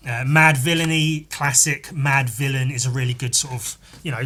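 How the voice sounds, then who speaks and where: A man's voice: medium pitch, fairly even intonation, moderate pace, few pauses, noisy background. A man hosting a podcast, chatting casually and rambling while he draws, swearing freely and muttering to himself. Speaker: podcast host and artist. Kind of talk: casual chat while drawing.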